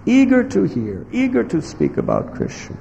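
A man giving a devotional sermon in slow, emphatic phrases, now and then acting out what others might say. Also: high voice, wildly swooping pitch, vocal fry, dark tone, highs cut off. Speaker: spiritual teacher. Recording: echoey hall with faint background noise.

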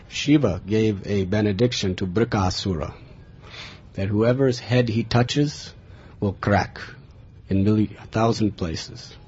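A man from America, telling a personal spiritual story in an earnest, lively way, recorded in a dull, lo-fi recording. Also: on the low side, husky. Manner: earnest, animated in tellings, chuckling. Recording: dull lo-fi recording with faint hiss.

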